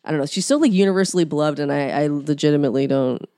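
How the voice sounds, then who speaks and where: A woman's voice: sits low, racing, mellow. A woman co-hosting a comedy podcast, rambling through a topic in casual chat and trailing off mid-sentence. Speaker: podcast co-host.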